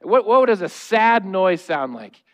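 A man's voice: high-pitched, very animated, unhurried, vocal fry, a bit bright. A man in his thirties, a pastor, preaching a conversational, humorous sermon in a church. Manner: humorous, conversational, acting out noises and quotes. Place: church sanctuary.

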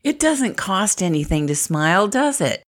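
A woman's voice: medium pitch, big pitch swings, normal speed. A middle-aged woman from the Midwest, talking to camera in a chatty, encouraging way and laughing often. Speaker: inspirational vlogger. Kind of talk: upbeat motivational talk to camera.

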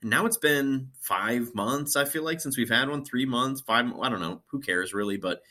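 A man's voice: medium pitch, moderate pace, bright, forceful tone. A man co-hosting a casual sports podcast, rambling and swearing freely. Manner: rambling, swears, laughs easily. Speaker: podcast co-host.

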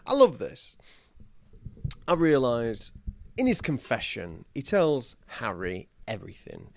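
A man's voice: mid-range voice, huge pitch swings, slow pace, vocal fry, no room sound, clean studio sound. A man co-hosting a podcast, chatting wryly and laughing at his own jokes. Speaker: podcast co-host. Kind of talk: casual chat.

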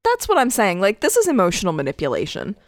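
A woman's voice: medium pitch, wildly swooping pitch, quick pace, no room sound, studio quality. A woman, co-hosting a podcast in casual chat, blunt and indignant, swearing and saying "like" a lot. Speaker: podcast co-host.

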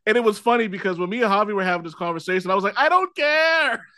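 A man hosting a podcast, telling a story in animated casual chat and laughing often. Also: high-pitched, very fast, a little hiss or hum. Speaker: podcast host.

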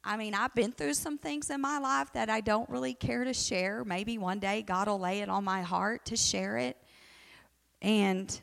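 A woman's voice: medium pitch, measured pace, creaky, a bit bright, in a large hall. A woman teaching an adult Bible study in a conversational way, who often acts out the quotes in her story.

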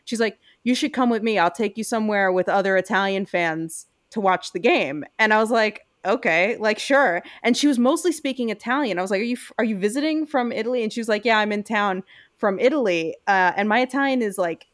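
A woman's voice: mid-range voice, brisk, no echo, clean studio sound. A young woman, co-hosting a casual chat and telling a story full of fillers. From United States. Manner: chatty storyteller with frequent fillers.

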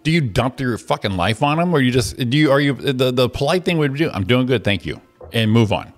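A man's voice: mid-range voice, lively intonation, fairly quick. A man co-hosting a morning talk show, ranting and joking in profane, self-mocking banter. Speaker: radio show host. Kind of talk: casual comedic banter.

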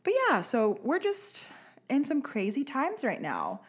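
A woman's voice: sits high, huge pitch swings, unhurried, slightly rough. Ranting, sarcastic young woman podcaster. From United States. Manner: sarcastic, ranting, swears freely, laughs often. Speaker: podcast host. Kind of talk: casual solo podcast rant. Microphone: studio podcast mic.

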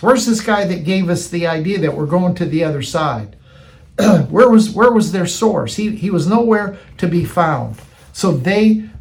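High-pitched male preacher, casual sermon delivery, repeats lines for emphasis. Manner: conversational, repeats phrases for emphasis.

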